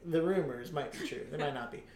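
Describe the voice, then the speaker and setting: A man's voice: a little high, darkish tone, a little hiss or hum. A man co-hosting a casual podcast chat, telling a rambling story full of cursing and filler words. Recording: roomy echo.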